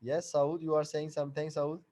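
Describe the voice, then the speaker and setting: A man teaching an online class over a video call, explaining slowly and repeating each point and question. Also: a little high, level tone, background noise.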